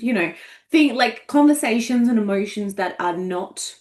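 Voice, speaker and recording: A woman's voice: fairly high pitch, animated, normal speed, darkish tone. A woman in her forties, a coach, talking candidly and emotionally, swearing freely and laughing at herself. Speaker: energetics coach. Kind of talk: candid casual monologue.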